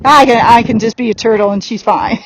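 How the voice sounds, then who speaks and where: Woman speaking as a lazy cheeky horse, high voice, offhand. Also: fairly even intonation, brisk, noisy background, natural voice. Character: lazy stubborn gelding horse.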